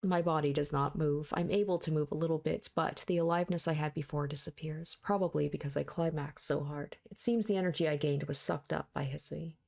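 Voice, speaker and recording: A woman's voice: sits low, fairly even intonation, brisk, vocal fry, few pauses, darkish tone. A woman reading a visual novel aloud, narrating steadily and breaking into candid asides. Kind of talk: game read-aloud with commentary.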